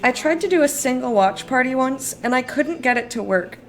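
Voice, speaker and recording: A woman's voice: sits high, animated, a little fast. A tired woman chatting casually on a live stream, rambling, laughing often and answering her chat. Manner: giggly, rambling, reads chat aloud. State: sleepy.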